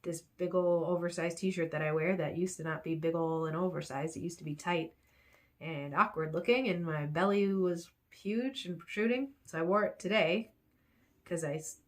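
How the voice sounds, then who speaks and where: A woman vlogging in rambling, repetitive self-talk, encouraging herself. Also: low voice.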